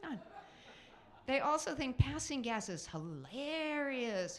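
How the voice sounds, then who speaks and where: A woman's voice: high voice, big pitch swings. Chatty middle-aged woman doing stand-up. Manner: chatty, self-mocking, quick asides to the audience. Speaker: stand-up comedian. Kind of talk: stand-up comedy set. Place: live theater stage.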